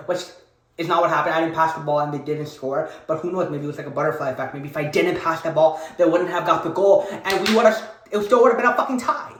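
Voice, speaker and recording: A man's voice: a little high, steady tone, fairly quick. A young man telling a casual, rambling story, swearing freely as he goes. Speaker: vlogger. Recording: roomy echo.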